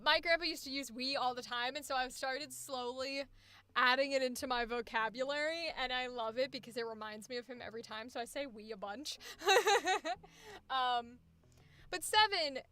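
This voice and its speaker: A woman voice actor streams a coaching session, chatting casually, swearing freely, and laughing easily while faint music plays behind her. Her voice is high-pitched with a sharp, clean tone, and the recording is dry.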